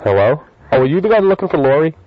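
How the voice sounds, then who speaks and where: A man's voice: fairly high pitch, big pitch swings, fast talker, a little hiss or hum. A man hosting a radio show, running a ticket giveaway in loose, chatty banter that stumbles over words. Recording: slightly lo-fi radio audio.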